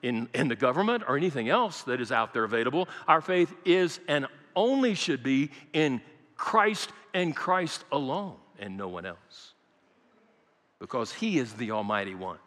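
An older male pastor preaching with a high, bright voice that rings through a church hall. He fires rhetorical questions at the congregation and repeats his key lines. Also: sing-song, moderate pace. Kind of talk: sermon. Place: church sanctuary.

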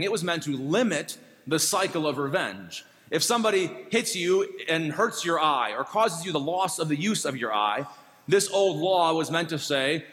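Man, pastor, sermon, conversational, light humor, higher voice, long church reverb. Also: a bit bright.

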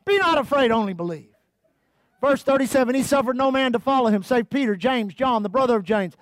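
A man's voice: very high voice, expressive, a little fast, no room sound. A man preaching a fervent sermon, calling out to the congregation and reading scripture aloud. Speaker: pastor.

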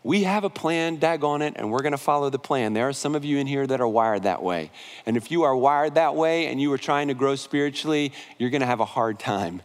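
A male pastor preaching a sermon in a conversational way, often repeating words and restarting phrases. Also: on the high side. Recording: long hall reverb.

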